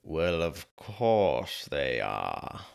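A man's voice: very deep voice, big pitch swings, extremely slow, vocal fry, voice pushed down, heavily acted. A man voicing a sarcastic, manic male holiday-hating creature in a theatrical, mocking way.

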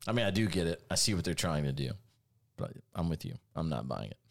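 Animated sarcastic male podcast host. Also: a bass voice, quick pace, vocal fry. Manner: sarcastic, jokey, animated delivery. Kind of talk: casual podcast banter with ad reads.

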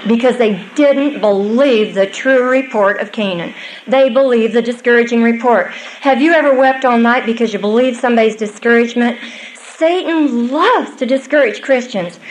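A woman's voice: on the high side, low-quality recording. An older woman giving a Bible teaching to a live audience, earnest and conversational with small asides.

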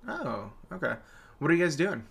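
A man co-hosting a casual podcast, chatty and animated, laughing often as he tells stories. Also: fairly high pitch, normal speed, vocal fry, breathy edge. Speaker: podcast co-host. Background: dog whining.

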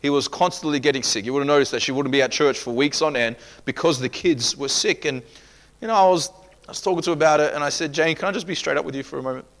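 Male pastor, punchy preaching delivery, voice sits a touch high. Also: fast talker, fairly bright tone. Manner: emphatic preaching with quoted asides. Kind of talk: sermon.

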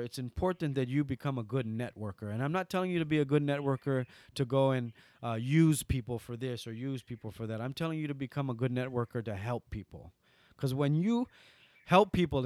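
A man with a Hawaiian accent, a guest in an interview, who tells stories animatedly and swings from loud bursts to soft asides. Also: medium pitch, animated, brisk, no echo. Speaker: guest entertainer. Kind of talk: storytelling interview.

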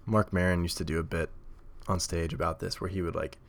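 He has a deep, gravelly voice with little pitch movement and a fairly quick pace. As the host of his own podcast, he rambles casually into a desk mic at a home table setup, filling the monologue with fillers and laughter.

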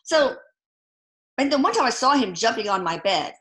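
A middle-aged woman telling personal stories in a casual interview, halting often with fillers and restarts. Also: fairly high pitch, big pitch swings, a bit bright. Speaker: guest. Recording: echoey room.

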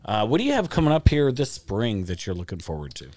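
A low-voiced man hosts a casual podcast chat, joking and laughing easily. He's recorded close on a studio mic in a dry, dead room. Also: wildly swooping pitch, fast, darkish tone, no echo. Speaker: podcast host.

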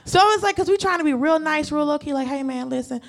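A woman tells a stand-up story. She is profane and animated, and she acts out the people in it. Her delivery swings from loud to hushed. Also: sits high, fast talker, gravelly. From United States. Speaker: stand-up comedian. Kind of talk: stand-up comedy set.

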